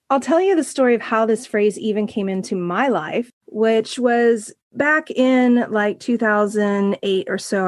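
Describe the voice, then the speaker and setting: A middle-aged woman, a recovery coach, telling her story as a guest in an interview, earnest and animated. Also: medium pitch, no echo, clean studio sound. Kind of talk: interview conversation.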